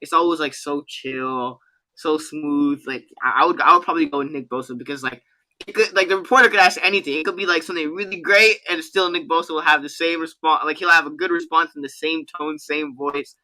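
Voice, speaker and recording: Bright-voiced chatty man. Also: a little high, brisk, low-quality recording. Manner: chatty, heavy on fillers, animated. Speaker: podcast co-host. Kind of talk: casual sports chat.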